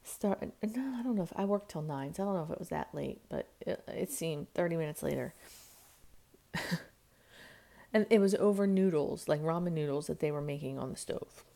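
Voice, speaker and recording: A woman's voice: lively intonation, moderate pace, creaky. A woman in her thirties, a mother chatting to her camera at home, rambling through a family story and acting out what people said. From United States. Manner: rambling storytelling, acts out quotes with jumps in pitch and loudness. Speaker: vlogger and mother. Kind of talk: casual chat to camera. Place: at home, indoors. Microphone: camera mic.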